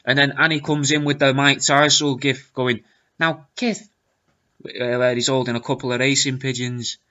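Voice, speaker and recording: A man reading out comments with wry, deadpan asides in a casual commentary. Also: mid-range voice, fairly quick, highs cut off. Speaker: video creator reading comments.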